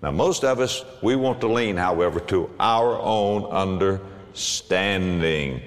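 A man preaching a sermon to a congregation, animated, with big swings and emphatic bursts. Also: sits low, slow, in a large hall. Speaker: pastor.

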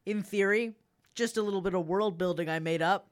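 A woman's voice: medium pitch, brisk. A woman hosts a podcast in loose, casual chat. She rambles and jokes, often breaking off mid-sentence to start over. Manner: rambling and jokey, with frequent restarts. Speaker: podcast host.

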